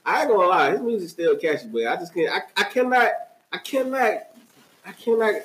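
A man's voice: sits high, lively intonation, fairly quick, fairly bright tone. A man co-hosting a casual chat, talking in a laid-back, slangy way and laughing often. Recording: echoey room with background hum.

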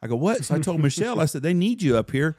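A man's voice: a little high, sing-song, fast, a little mellow, no room sound, studio quality. A man co-hosting a casual podcast, telling stories bluntly with heavy swearing. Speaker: podcast co-host. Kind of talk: casual chat.

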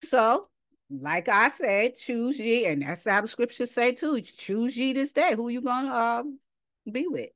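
A woman's voice: on the high side, a little slow, fairly bright tone, no echo, clean studio sound. A woman teaching a casual scripture lesson, reading verses aloud and then commenting directly to her listeners. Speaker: Bible study teacher.

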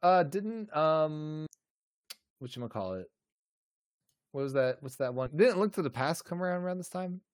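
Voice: medium pitch, very animated, moderate pace, long pauses, no room sound, studio quality. A podcast co-host in casual chat, joking and stumbling into restarts.

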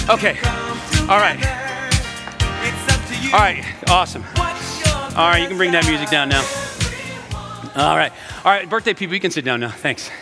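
A male pastor giving a lively, playful sermon, talking straight to his congregation in a church and a little out of breath. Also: on the high side, moderate pace, pauses often. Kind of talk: energetic sermon. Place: church sanctuary. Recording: long hall reverb with faint music.

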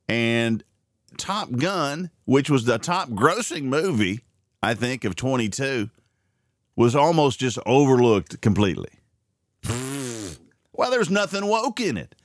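A man's voice: no room sound, clean studio sound. A man hosting a morning radio and podcast program, rambling and opinionated in casual commentary. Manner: opinionated, rambling, animated pitch swings.

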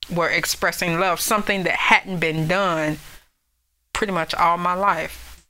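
A woman's voice: fairly low pitch, steady tone, a little slow, pushed and bright, low-quality recording. A woman in her fifties telling a family story in a casual chat, laughing often as she talks. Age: 50s.

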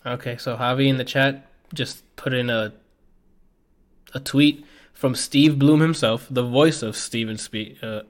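Rambling guy co-host, casual, stumbles over words, mid pitch. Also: steady tone, unhurried. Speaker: podcast co-host. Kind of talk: casual chat.

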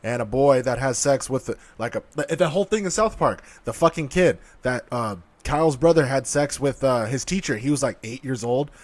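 A man's voice: mid-range voice, lively intonation, normal speed, hardly any pauses, dry recording. A man giving heated, profane ranting commentary in an aggressive, sarcastic manner. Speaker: online commentator.

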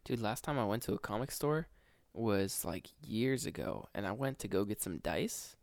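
Gravelly laid-back podcast guy. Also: lowish voice, animated, moderate pace, no echo, clean studio sound. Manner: laid-back, slangy, hesitant. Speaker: podcast co-host. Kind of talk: casual chat.

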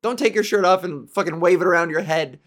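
A woman's voice: fairly low pitch, quick pace. A Canadian woman hosting a solo podcast, rambling through a comedic monologue full of swearing and frequent laughs, recorded in her bedroom. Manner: rambling, profane, laughs often. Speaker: podcast host.

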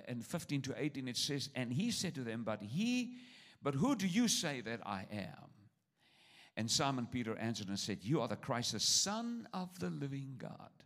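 A man with a foreign accent preaching a sermon in a church, switching between loud exhortation and quiet asides. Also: mid-range voice. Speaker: traveling preacher. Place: church service.

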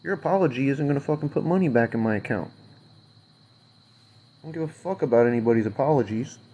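In a lo-fi recording, a man with a mid-range, husky, mellow voice talks quickly and animatedly. He's an irate customer delivering a sarcastic, swear-heavy rant to camera that rambles from point to point.

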